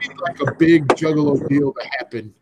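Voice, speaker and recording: A man co-hosting a podcast, chatting casually and telling stories with lively acted-out quotes. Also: on the high side, a little fast, muffled recording, very noisy. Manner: animated storytelling, acts out quotes. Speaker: podcast co-host. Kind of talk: casual chat.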